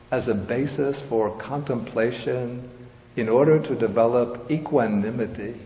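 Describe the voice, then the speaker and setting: A man giving a measured, explanatory Buddhist lecture, with touches of light humor. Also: medium pitch, a little mellow, slight background noise. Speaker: Buddhist teacher. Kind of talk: dharma lecture. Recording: roomy, dull hall recording.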